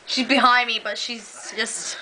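A woman's voice: a little high, fairly even intonation, a little slow, heavy background noise. A teenage girl hosting a goofy home video, putting on fake accents and giggling through it. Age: teens. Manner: silly, giggly, mock-posh. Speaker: amateur video host.

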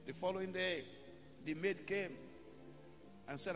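A man's voice: high voice, measured pace. A male pastor preaching a sermon, telling short stories and leading the congregation in prayer. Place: church hall. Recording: long church hall reverb, faint music.

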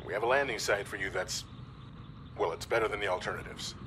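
An actor playing a male rescue ship crewman who speaks over a radio transmission in a brisk, matter-of-fact way. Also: lowish voice, noisy background. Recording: distant game audio under loud music.

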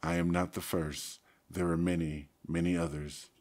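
A man's voice: low-pitched, little pitch movement, a little mellow, natural voice. A man voicing a dying solemn alien. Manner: slow, solemn, formal speech. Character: dying gentle alien male warrior, telepathic.

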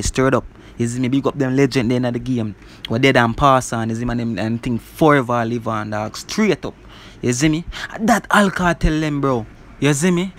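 A man casually reviewing a song, talking in an animated way and filling his lines with "bro" and "you see me". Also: medium pitch. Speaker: music reviewer.

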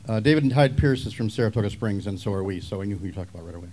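A man's voice: on the low side, lively intonation, racing, darkish tone, a little hiss or hum. A man in the audience asking a fan question, eager and rambling.

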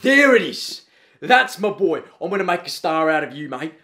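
A man's voice: fairly high pitch, very animated, normal speed, sharp tone. A man playing a brash, blunt Australian PE teacher in his forties who calls everyone mate, in a comedy sketch. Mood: gung-ho coaching.

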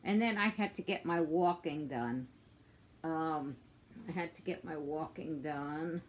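Slow, halting woman ranting. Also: low-pitched, a little hiss or hum. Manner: frustrated, profane, slow and halting with many fillers. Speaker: vlogger. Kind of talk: casual rant to camera. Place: outdoors on a walk.

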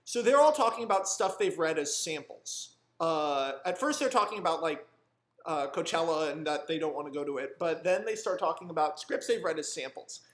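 Young screenwriter, animated rambling storyteller, high voice, roomy sound. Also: male voice, normal speed. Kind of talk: casual storytelling monologue. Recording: roomy echo.

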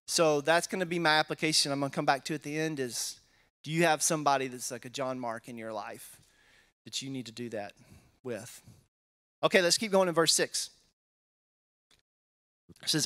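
A man's voice: a little high, normal speed, pauses often, fairly bright tone. A man with a Texan accent teaching a Bible study sermon in a conversational way, often checking in with the audience. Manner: conversational, asks the audience "right?". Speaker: pastor.

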